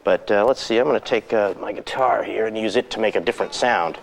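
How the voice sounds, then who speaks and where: A man teaching guitar rhythm on an instructional videotape, relaxed and counting beats aloud. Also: fairly low pitch, fast talker, gravelly.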